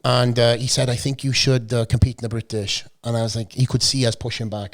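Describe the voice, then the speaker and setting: A Welsh man in his forties, a bit hoarse from a cold, chatting as a podcast guest and telling stories full of swearing and jokes. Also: medium pitch, level tone, a little fast, few pauses. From South Wales. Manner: swearing, storytelling, joking. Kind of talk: casual chat. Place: podcast studio.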